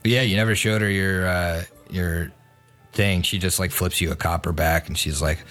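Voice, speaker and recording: A man's voice: low-pitched, fairly even intonation, normal speed, a bit bright. Easygoing male game master, laughs a lot, light music bed. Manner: laughs often, loose and joking. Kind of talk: narrating a tabletop game podcast.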